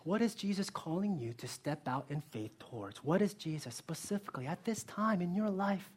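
A man's voice: high-pitched, normal speed, slightly rough. A male pastor preaching a sermon in an earnest way, asking the listeners direct questions and telling stories with energy. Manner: lively storytelling.

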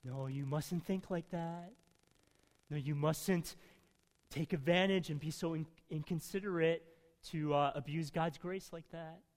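A man voicing a gentle old grandfather who mildly scolds, in a hall with long reverb. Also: a little high, fairly even intonation, measured pace, natural voice. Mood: mild scolding.

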